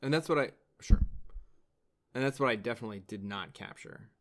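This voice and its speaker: In casual podcast chat, a young co-host talks briskly in a medium-pitched, fairly bright voice. His speech rambles, full of fillers and restarts.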